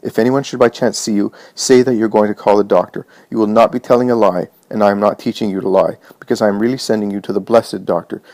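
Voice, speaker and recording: Brief: man voicing a worried mistress of the house, quiet and urgent, low-pitched. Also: steady tone, quick pace, few pauses, close to an everyday voice. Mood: urgent hushed. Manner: hushed, urgent instructions. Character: Martha, anxious determined mistress of house.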